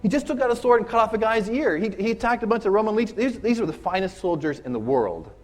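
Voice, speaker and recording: A man's voice: high-pitched, lively intonation, fast talker, soft background music. A man preaching a casual, conversational sermon, retelling a story and often checking in with "right?". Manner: casual, chatty, keeps asking "right?".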